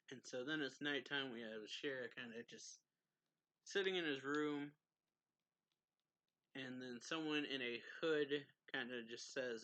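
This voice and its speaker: A man's voice: mid-range voice, fairly even intonation, a little slow, long pauses, pushed and bright, no echo, low-quality recording. A man casually retelling a manga chapter as a reviewer, with frequent laughs and "he's like" asides. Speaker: anime reviewer.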